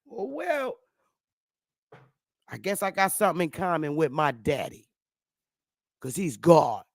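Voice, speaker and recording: A woman's voice: sits low, expressive, moderate pace, dry recording, clean studio sound. A woman talking straight to the camera in a casual monologue, blunt, heavy on profanity and emphatic. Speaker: online commentator.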